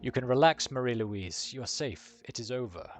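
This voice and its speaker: A man's voice: mid-range voice, lively intonation, normal speed, close to an everyday voice. A man voicing a cold, wealthy older father who speaks in a formal, commanding way.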